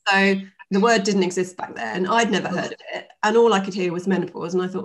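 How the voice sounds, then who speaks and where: A woman in her fifties speaks as a guest in a relaxed interview. She tells her story in a chatty, animated way, with plenty of fillers and restarts. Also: mid-range voice, moderate pace. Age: 50s.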